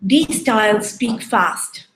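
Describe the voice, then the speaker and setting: A woman coaching on relationships, giving a measured explanatory talk and often checking in with "right?". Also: fairly high pitch, expressive, a little hiss or hum. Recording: echoey room.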